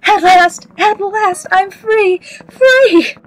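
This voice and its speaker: A crazy old geezer in a horror comic reading, with a wheedling, drawn-out sales pitch that breaks into shrill, high shrieks, as a woman puts him on. The voice leaps far above her usual pitch and grows loud. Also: expressive. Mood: gleeful. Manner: slow wheedling, then wild shrieking. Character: shrill old male curse-peddling geezer.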